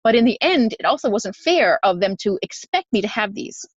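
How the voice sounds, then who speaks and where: A woman co-hosting a podcast, telling stories in an animated way with frequent laughs during a casual spiritual chat. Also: mid-range voice, a little fast, dry recording, lo-fi sound. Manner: animated storytelling, laughs often. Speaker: podcast co-host.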